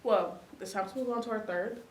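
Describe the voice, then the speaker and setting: A young woman co-hosting a casual chat, playful and quick to laugh. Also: mid-range voice, a little hiss or hum. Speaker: co-host. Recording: echoey room, mic at a distance.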